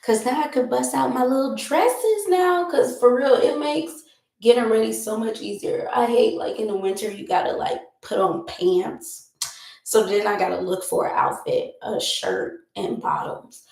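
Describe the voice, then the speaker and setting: A woman's voice: a little high, moderate pace, vocal fry, darkish tone, echoey room, low-quality recording. A young woman vlogger chatting casually while doing her makeup, rambling and laughing often.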